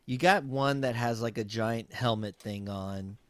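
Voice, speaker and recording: A man on a podcast talking through a movie in a relaxed, joking way, sighing and trailing off now and then. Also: medium pitch, a little slow, no room sound. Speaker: podcast co-host. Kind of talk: casual movie recap chat.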